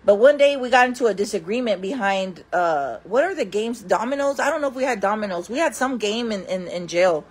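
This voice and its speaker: A woman vlogger telling wild stories in casual talk, laughing often, calling her viewers friends and acting out other people in loud voices. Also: medium pitch, expressive, fairly quick, hardly any pauses, husky. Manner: acts out quoted people in loud raised voices.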